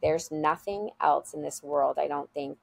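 A woman's voice: deep voice, measured pace, creaky. A woman working as a school guide, telling an earnest, heartfelt story in an interview and repeating phrases for emphasis.

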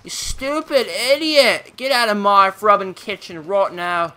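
A man doing an impression of a furious, shouting British chef, with a put-on British accent, yelling insults high and loud. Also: measured pace.

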